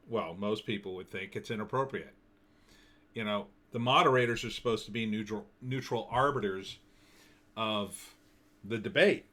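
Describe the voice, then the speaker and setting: A man delivers a solo opinion commentary, loose and conversational with a sardonic edge. His voice sits fairly low but has a forceful brightness to it. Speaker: political commentator.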